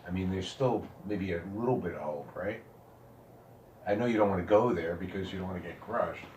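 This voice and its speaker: A man speaking as a therapist, measured and gently reassuring in a calm counseling manner. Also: low-pitched. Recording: roomy, distant mic, faint background noise.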